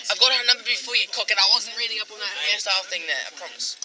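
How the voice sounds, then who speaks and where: A man's voice: high voice, very fast, over a noisy crowd, poor audio. A young man vlogging a camping trip, joking crudely, swearing and laughing with his friends outdoors. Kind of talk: casual crude banter with friends. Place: outdoors at a campground and town streets. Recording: loud background noise outdoors.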